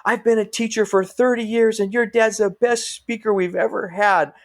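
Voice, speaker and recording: A middle-aged firefighter guesting on a podcast speaks in a voice that sits high, at a moderate pace. His casual storytelling is animated, complete with acted-out quotes from others.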